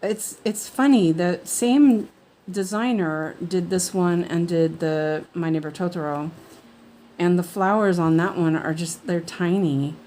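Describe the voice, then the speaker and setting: A woman's voice: lowish voice, measured pace, dark tone. A woman hosting a cross-stitch livestream, chatting casually and rambling with many fillers and restarts. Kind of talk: casual chat while stitching.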